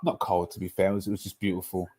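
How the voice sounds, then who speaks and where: A man's voice: low-pitched, little pitch movement, very fast, mellow. A man, chatting casually and boastfully about football on a podcast with friends, rambling between slangy asides.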